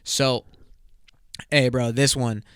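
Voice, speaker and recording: A man's voice: medium pitch, fairly even intonation, slow, fairly bright tone, smooth, dry recording, studio quality. A man hosting a podcast in loose, profane, joking casual chat. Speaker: podcast host.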